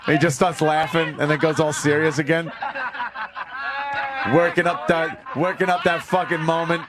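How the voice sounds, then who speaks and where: A man hosting a radio show, giving a profane, excited running commentary while they watch a film. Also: fairly high pitch, moderate pace, very noisy.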